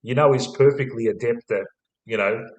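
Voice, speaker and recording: A man's voice: mid-range voice, normal speed, a little mellow, reverberant, lo-fi sound. A young Australian man co-hosting a casual football chat, rambling and swearing constantly in a laid-back way. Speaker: podcast co-host.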